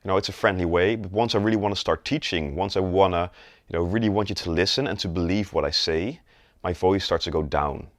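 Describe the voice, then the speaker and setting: A man with a very low voice teaches sales in an instructional video, recorded close and dry with no room sound. He demonstrates rising, flat and falling tones in his examples. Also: a little fast, dry recording. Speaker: sales coach.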